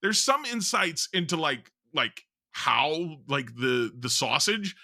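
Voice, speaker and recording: A man's voice: fairly high pitch, big pitch swings, slow, gravelly, sharp tone, dry recording, studio quality. A man co-hosting a casual sports podcast, rambling loosely with many fillers and restarts. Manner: rambling, lots of fillers and self-corrections. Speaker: podcast co-host.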